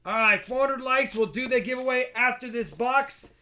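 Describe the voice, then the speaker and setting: A man's voice: very high voice, normal speed, pushed and bright. A man hosting a casual live stream, chatty and joking as he thanks donors. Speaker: livestream host.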